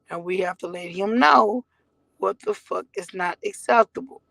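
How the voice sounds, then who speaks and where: A woman's voice: fairly high pitch, a little slow, gravelly, fairly bright tone, no room sound, poor audio. A woman in her forties, a mother talking candidly to her viewers in a blunt, rambling way and swearing freely. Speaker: mother telling her story. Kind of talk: candid direct-to-camera talk.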